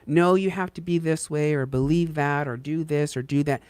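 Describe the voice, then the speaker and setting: A man's voice: on the high side, fairly even intonation, normal speed, darkish tone, clear, resonant tone, dry recording. A man co-hosting a casual chat, talking earnestly and bluntly, swearing casually. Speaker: co-host.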